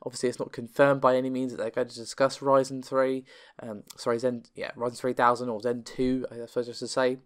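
A man hosting a solo tech news show, talking quickly and chattily, his voice still a bit worn from being under the weather. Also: medium pitch, little pitch movement, clean tone. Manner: quick, chatty, reads figures aloud with self-corrections.

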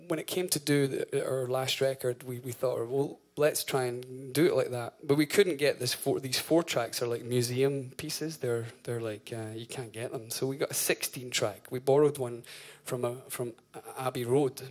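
Male band frontman, 30s, mid-pitched, loose stage patter full of "um" and "like", casual cursing. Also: fairly even intonation, moderate pace, few pauses. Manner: chatty, full of fillers, swears and laughs. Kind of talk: rambling stage banter between songs. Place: live concert venue.

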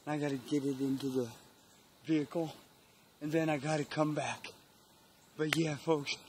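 A middle-aged man, out of breath and emotional, talking in a hushed, halting voice while hunting outdoors in the woods. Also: on the high side, fairly even intonation, a little hiss or hum. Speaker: bow hunter. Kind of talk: hushed hunting vlog commentary.

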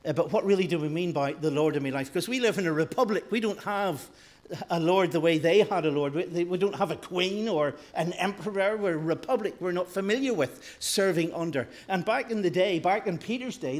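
A man preaching a sermon in a church, rising loud for emphasis and dropping soft and slow. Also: high voice, animated. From northern Ireland.

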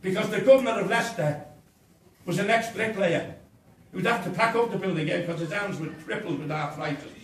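A man's voice: sits high, a little fast. An older man speaking at a campaign meeting, telling his own story in an impassioned, blunt way. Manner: impassioned, blunt, acts out dialogue. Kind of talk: personal storytelling to an audience. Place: inn function room. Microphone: camera in the audience. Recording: echoey room from far off.

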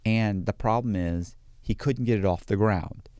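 A man talking bluntly in a casual podcast conversation, animated and acting out other people as he explains. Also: on the low side, normal speed, smooth, no room sound, studio quality. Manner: blunt and animated, acts out quoted voices. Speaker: guest, true crime author.

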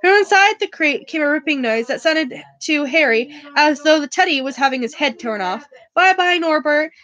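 A woman's voice: high voice, lively intonation, moderate pace, a bit bright. A woman casually reading a novel aloud for a book club, often stumbling over words and correcting herself. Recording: dull, dry lo-fi recording.

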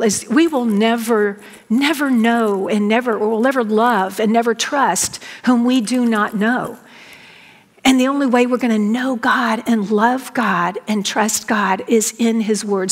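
Folksy woman preaching. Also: fairly high pitch. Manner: warm, folksy and emphatic, addressing the congregation directly. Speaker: Bible teacher, guest speaker. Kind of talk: sermon. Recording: long reverb of a large hall.

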